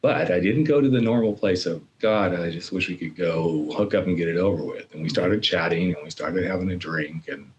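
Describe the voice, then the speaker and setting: A middle-aged man as a podcast guest, telling a personal story in an animated way and acting out his own inner voices. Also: deep voice, fairly quick, hardly any pauses, dull audio, slight background noise.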